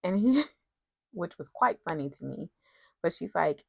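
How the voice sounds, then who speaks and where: A woman's voice: lowish voice, sing-song, a little slow, vocal fry, slightly rough, dry recording. A woman casually recapping a TV soap episode, retelling scenes with quoted lines and personal asides.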